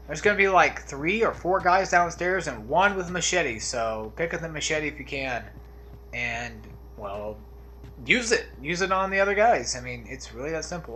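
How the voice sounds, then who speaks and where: Laid-back guy rambling over a game playthrough, kinda high voice, trails off a lot. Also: sharp tone, slight background noise. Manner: rambling, drifts off on tangents. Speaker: let's play commentator. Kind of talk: casual gameplay commentary.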